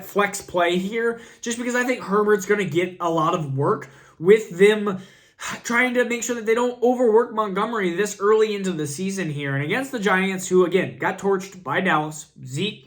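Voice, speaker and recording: A man with a fairly high voice gives casual fantasy football picks while sick with a cough. He rambles, restarts his sentences and jokes at his own expense. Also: fairly bright tone. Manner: rambling and self-deprecating, with frequent restarts. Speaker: fantasy football channel host. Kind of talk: casual advice vlog.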